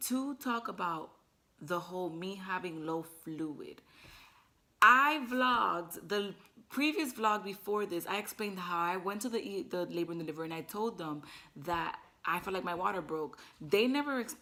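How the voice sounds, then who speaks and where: Lowish yet bright, with lively intonation and a forceful tone, a young woman's voice tells the camera a personal story at a moderate pace. She's an emotional, teary vlogger chatting casually and using lots of "like" fillers.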